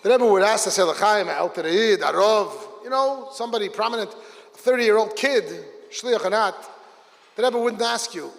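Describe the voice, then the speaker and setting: A man, a rabbi, telling a story at a Hasidic gathering, lively and acting out the people in it. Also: high voice, moderate pace, gravelly. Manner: animated, voices characters in the story. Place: large hall with a gathered audience. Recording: long hall reverb.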